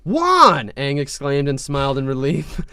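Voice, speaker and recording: A man reads fan fiction aloud for laughs, hamming up the dialogue with mock-dramatic flair. His voice is smooth and resonant, pitched in a middle register, and sits close and dry on the mic. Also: moderate pace, no room sound. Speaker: podcast host reading fan fiction aloud. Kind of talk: comedic dramatic reading.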